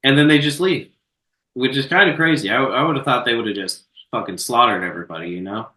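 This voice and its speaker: A man co-hosting a podcast, casually recapping a movie scene by scene, swearing freely and slipping into quick quoted voices. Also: mid-range voice, sharp tone. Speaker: podcast co-host. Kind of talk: casual film discussion. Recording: roomy, echoey, off-mic sound.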